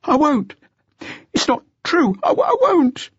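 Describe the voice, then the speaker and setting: A man voicing a terrified teenage boy under police questioning, crying out in high, desperate, pleading tones. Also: big pitch swings, a little slow, slightly rough, dry recording, full character voice. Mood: panicked pleading. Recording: slightly dull lo-fi audiobook recording.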